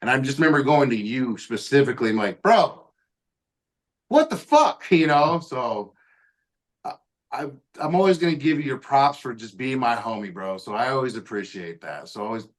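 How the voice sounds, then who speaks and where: A man's voice: medium pitch, fairly quick. A man hosting a podcast, telling a story casually, swearing a lot and acting out what people said. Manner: profane, acts out quoted lines. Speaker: podcast host. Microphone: podcast mic.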